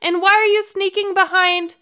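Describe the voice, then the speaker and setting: A woman's voice: very high-pitched, level tone, normal speed, pushed and bright. A woman co-hosting a casual book-discussion podcast, scolding a character in a sassy, blunt way. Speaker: podcast co-host.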